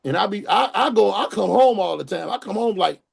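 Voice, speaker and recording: Middle-aged Chicago man, high gravelly voice, animated storyteller acting out quotes. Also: brisk. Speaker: guest comedian. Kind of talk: casual podcast chat.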